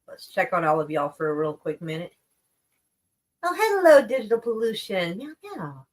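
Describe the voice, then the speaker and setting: A woman hosts casual news commentary on a live stream, reading articles out and mocking them with profane sarcasm and plenty of laughs as she rolls and smokes cigarettes. Her voice is fairly low and very animated, at a normal speed.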